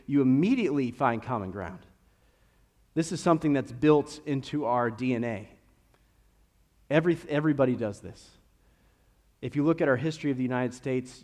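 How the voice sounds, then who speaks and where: A young man from Kentucky with a slight Kentucky accent, preaching a conversational sermon full of storytelling. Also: mid-range voice. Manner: storytelling, conversational with animated rises. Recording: long reverb of a church hall.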